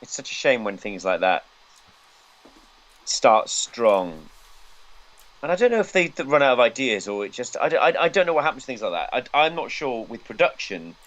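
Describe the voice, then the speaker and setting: A man's voice: medium pitch, big pitch swings, moderate pace, fairly bright tone, rough recording. A man in casual chat, joking and playful. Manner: playful, jokey, swings into silly voices.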